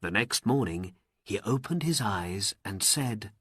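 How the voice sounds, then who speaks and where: A man narrating a story for learners in slow, deliberate, expressive storybook narration. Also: on the low side, slightly rough, no echo, clean studio sound.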